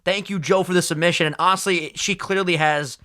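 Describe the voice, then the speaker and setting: A young man co-hosting a podcast in casual chat, excitable and swearing often, breaking into high laughs. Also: brisk. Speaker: podcast co-host.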